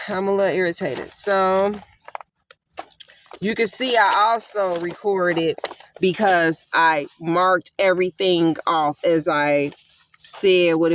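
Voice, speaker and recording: A woman's voice: on the low side, a little hiss or hum. A woman hosting a casual Bible study on her phone, irritated and repeating herself. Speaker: host of an online Bible study. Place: in her vehicle. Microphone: phone camera.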